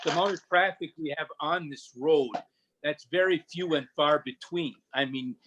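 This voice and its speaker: A man's voice: on the high side, moderate pace, lo-fi sound, background noise. A man, the mayor, chairing a council meeting in a folksy, chatty way.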